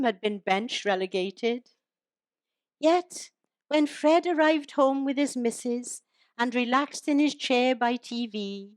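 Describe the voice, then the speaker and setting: Brief: older woman performing comic verse, chatty and teasing, fairly high voice, dry close sound. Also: no echo. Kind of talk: humorous poetry recital to a live audience.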